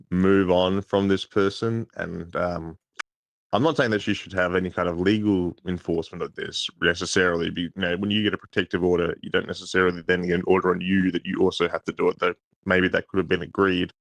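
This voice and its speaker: A man's voice: sits low, steady tone, a little fast, creaky, dry recording. A man calling in to a livestream, making his case hesitantly with many fillers and restarts. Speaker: caller. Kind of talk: call-in debate.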